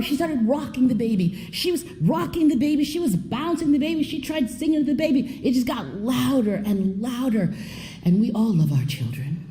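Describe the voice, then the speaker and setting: Expressive woman storyteller, low mellow tone. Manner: expressive, swoops in pitch, drops to a hush. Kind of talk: live storytelling performance. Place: theater stage before an audience.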